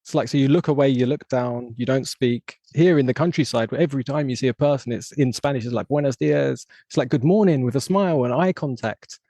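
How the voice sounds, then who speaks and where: A man with an English accent hosting a podcast, talking fast and reflectively as he works through ideas. His voice is mellow and low in brightness. It is recorded dry and close, with no room echo. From England. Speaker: podcast host. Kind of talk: casual podcast conversation.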